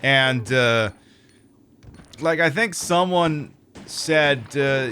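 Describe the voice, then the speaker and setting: A man's voice: on the high side, expressive, slow, bright, forceful tone, smooth. A man who streams as a drag queen, chatting casually and profanely to his audience and using lots of fillers. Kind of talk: casual livestream chat.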